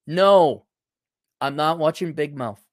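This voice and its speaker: A man's voice: on the high side, slow pace, no echo, clean studio sound. A man hosting a talk show, in a rambling, casual commentary that is profane and full of restarts. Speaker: show host.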